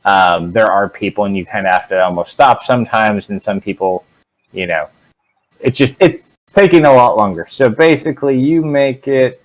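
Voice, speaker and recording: A man narrating as dungeon master in a relaxed, rambling way, with lots of "um" and "like". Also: on the low side, normal speed, poor audio. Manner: relaxed, rambling, filler-heavy. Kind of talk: narrating a tabletop game.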